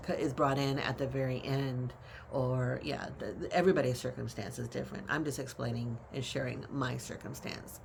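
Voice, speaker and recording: Gravelly-voiced woman caregiver vlogging. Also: extremely low pitch, background noise. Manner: emphatic, conversational retelling with exclamations. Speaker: family caregiver. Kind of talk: casual vlog storytelling.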